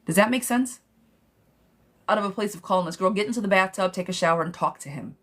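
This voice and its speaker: A woman reads tarot live for her viewers in a frank, no-nonsense way. She talks to them like a close friend, calls them "girl" and swears casually. She keeps her pitch in an ordinary middle range. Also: fast, fairly bright tone, a little hiss or hum. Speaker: tarot reader. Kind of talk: live-streamed tarot reading.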